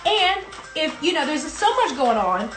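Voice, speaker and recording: Lively Southern woman hosting a livestream. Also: high-pitched, a little slow, roomy sound, faint music behind. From South Carolina. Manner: animated, playful, chatty. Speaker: host. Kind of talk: casual livestream chat. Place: home in Brooklyn.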